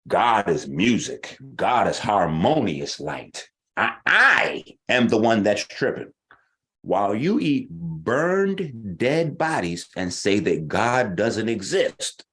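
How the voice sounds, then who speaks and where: A man hosting an online talk stream, giving a profane, rhetorical, argumentative casual monologue. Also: lowish voice.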